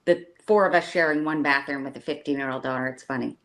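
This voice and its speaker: A woman's voice: very deep voice, fairly even intonation, fast, a bit bright. A middle-aged woman chatting casually, telling laughing family anecdotes. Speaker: guest. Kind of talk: casual chat.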